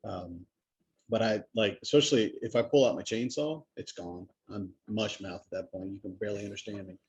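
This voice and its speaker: A lower-voiced man with a husky, breathy edge, talking through a dull, lo-fi recording. He co-hosts a podcast and tells stories with animation, sounding out his syllables with care. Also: a little fast. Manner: animated storyteller, acts out quoted voices; carefully enunciated speech. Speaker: podcast co-host. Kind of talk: casual chat.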